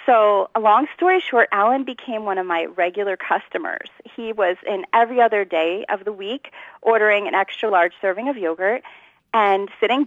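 A woman from New Jersey, a guest telling her personal story in a lively, conversational way and laughing often. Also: mid-range voice, no room sound, dull audio. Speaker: interview guest.

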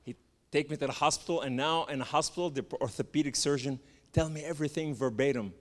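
Man from the middle east, testimony speaker, animated storytelling, big hall with long echo. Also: fairly high pitch, fast. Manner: animated storytelling with rising emphatic lists. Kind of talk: testimony sermon.

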